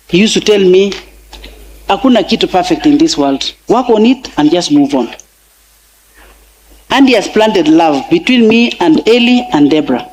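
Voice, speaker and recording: A woman's voice: lowish voice, a little mellow, a little hiss or hum. A middle-aged Kenyan woman with a Kenyan accent giving an emotional eulogy for her husband and mixing in Swahili phrases. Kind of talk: funeral eulogy speech. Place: large funeral gathering.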